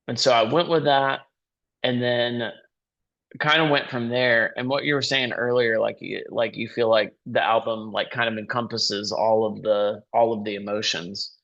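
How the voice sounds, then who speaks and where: A male musician is a podcast guest who rambles casually, full of filler words. His voice is mid-pitched, and the recording sounds dull and lo-fi. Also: fairly even intonation, moderate pace, vocal fry, a bit bright. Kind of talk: casual interview chat.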